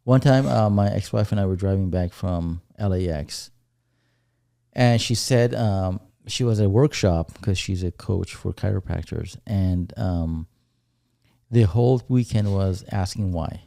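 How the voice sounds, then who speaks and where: A man co-hosting a podcast, talking things over in a reflective, unhurried way. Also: low voice, vocal fry, warm tone, no room sound, clean studio sound. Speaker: podcast co-host. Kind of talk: casual chat.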